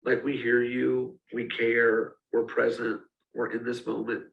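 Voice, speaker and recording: A man's voice: medium pitch, completely flat delivery, measured pace, gravelly, dull audio. A man giving a casual, direct teaching talk to student ministry leaders. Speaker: youth ministry coach. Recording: roomy, speaker far from mic.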